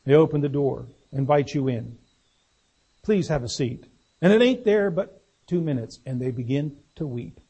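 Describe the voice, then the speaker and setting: A man's voice: on the high side, expressive, moderate pace, mellow, slightly rough. A man preaching a sermon in a folksy, conversational way, putting questions to his congregation.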